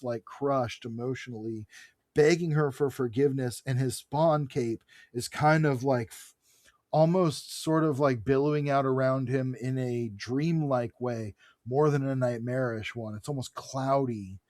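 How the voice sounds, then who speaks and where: A man co-hosting a podcast, recapping a comic book in a casual, animated way, reading characters' lines aloud and swearing freely. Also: mid-range voice, no echo, clean studio sound. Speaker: podcast co-host.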